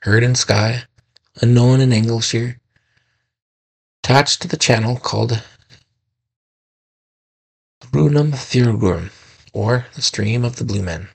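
A male podcast host giving a slow, solemn scripted narration of sea folklore, now and then correcting his own slips. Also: mid-range voice, creaky, slightly rough.

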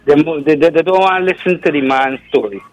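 A man, calling in to a radio talk show, who talks in a lively, jokey way with local sayings. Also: a little high, quick pace, muffled recording. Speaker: radio caller.

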